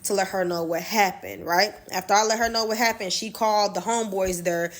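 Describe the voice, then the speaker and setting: A woman's voice: mid-range voice, fairly even intonation, a little fast. A woman telling a personal story in a loose, slangy, profane way, as a casual storytime monologue.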